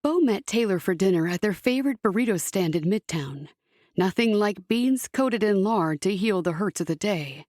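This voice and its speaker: A woman reading an audiobook as narrator, measured storytelling. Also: medium pitch, lively intonation, a little mellow, no echo, clean studio sound. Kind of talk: scripted narration.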